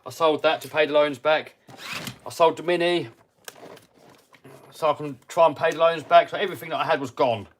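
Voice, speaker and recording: A British man hosting a livestream, telling a story casually and animatedly, dropping to mutters and rising to loud outbursts. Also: on the high side, steady tone, fairly quick, pauses often, slight background noise. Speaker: livestream host.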